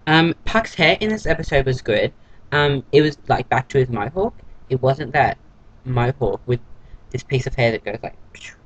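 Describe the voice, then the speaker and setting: A man's voice: medium pitch, animated, normal speed, low-quality recording. Catty man gossiping. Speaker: TV episode reviewer. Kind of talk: casual vlog recap.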